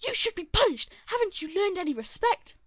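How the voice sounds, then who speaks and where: A woman voicing a shrill, entitled, demanding middle-aged mother from a read-aloud story, shrieking indignantly. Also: lively intonation, moderate pace, bright, forceful tone, no room sound, exaggerated voice.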